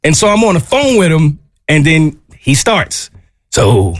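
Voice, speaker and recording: A young man co-hosting a radio show, telling a story in an animated way and acting out the quotes with lots of laughter. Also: fairly high pitch, normal speed, a little hiss or hum. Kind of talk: casual radio chat, storytelling.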